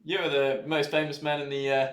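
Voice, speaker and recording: A man, a racing driver, commentating a race live in a chatty, joking, excitable way. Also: on the high side, a little fast. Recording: roomy streaming setup.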